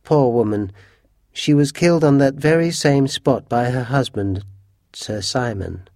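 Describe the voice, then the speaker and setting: A man voicing an ominous old housekeeper woman with a raspy voice and gloomy, warning tones. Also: mid-range voice, a little slow, warm tone, dry recording, studio quality, lightly acted.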